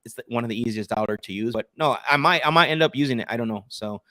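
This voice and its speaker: A man's voice: medium pitch, quick pace, pushed and bright, no echo, clean studio sound. A man coaching sales on a live stream, making cold calls and explaining them in an assertive teaching tone, often restarting his sentences.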